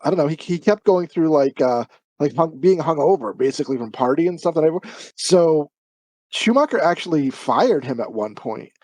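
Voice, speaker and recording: A man on a casual film podcast, his voice dry and close with no room around it. His pitch moves animatedly as he drops trivia and wry asides. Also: lively intonation, moderate pace, darkish tone, no room sound. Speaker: podcast co-host. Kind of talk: casual film review chat.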